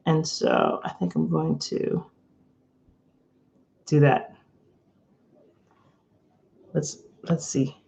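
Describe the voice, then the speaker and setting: A woman's voice: low-pitched, steady tone, extremely slow, vocal fry, pauses often, darkish tone. Giggly woman doing a live tarot stream. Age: adult, not under eighteen. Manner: chatty, giggly, rambling. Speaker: tarot reader. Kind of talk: casual live-stream chat. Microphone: webcam or phone, camera from below. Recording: slightly dull lo-fi stream audio.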